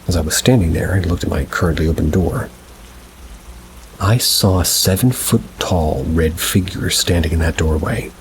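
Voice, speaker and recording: A man reading first-person paranormal stories aloud in a measured, unhurried storytelling manner. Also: low-pitched, noisy background. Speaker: narrator.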